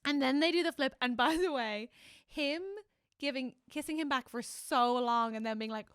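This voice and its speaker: Female comedy podcast co-host, higher voice, expressive, dry booth sound. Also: normal speed, clear, resonant tone, no echo. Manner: animated, emotional, acts out characters' lines. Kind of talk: casual comedy podcast chat.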